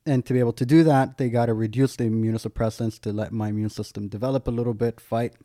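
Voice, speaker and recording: Dark, dry-voiced man telling his story. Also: medium pitch, fairly even intonation, quick pace, dry recording. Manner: candid, loose, peppered with "like" and self-mocking humour. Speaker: guest. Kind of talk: personal storytelling in casual conversation.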